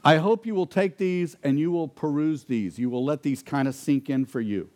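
A man preaching a sermon, asking rhetorical questions and dropping to quiet intensity for emphasis. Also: a little high, normal speed. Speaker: pastor.

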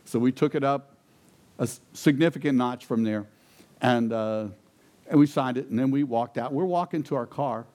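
This pastor, a man with a medium-pitched voice at normal speed, tells his congregation a personal story in his sermon. His delivery is animated, climbing toward emphatic questions and peaks.

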